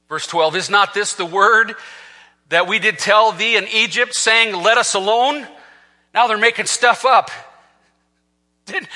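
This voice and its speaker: A man preaching a sermon, reading scripture and swinging between fervent shouts and hushed, quiet passages. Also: high-pitched, big-room sound. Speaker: pastor.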